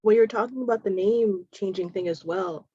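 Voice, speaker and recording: A woman's voice: medium pitch, moderate pace, mellow, breathy edge, no room sound. A woman from the United States, chatting casually with lots of fillers during an online meetup. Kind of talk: casual chat. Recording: dull lo-fi video call audio.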